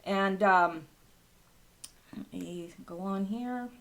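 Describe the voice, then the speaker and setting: A woman's voice: mid-range voice, drawn-out words, creaky. A woman hosting an online commentary show, reading news aloud with scornful, incredulous remarks. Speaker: channel host.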